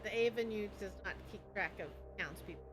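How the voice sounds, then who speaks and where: A woman's voice: mid-range voice, fast talker. A woman running a horror tabletop game as game master, narrating scenes with a playful, laughing manner. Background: background music.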